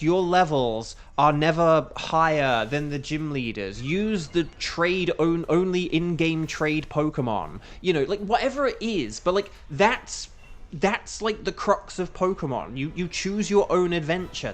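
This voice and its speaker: A young man chatting casually while streaming a game, rambling with lots of fillers and restarts and bursts of excitement. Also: on the high side. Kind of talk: casual gaming commentary.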